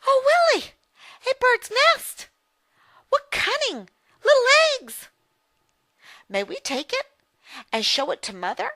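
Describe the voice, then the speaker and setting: A high, thrilled little girl, eager and pleading, her voice bright and lifted well above a grown woman's, as a woman puts her on for a storybook reading. The delivery is slow and clear. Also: wildly swooping pitch, no echo, clean studio sound, full character voice. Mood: excited.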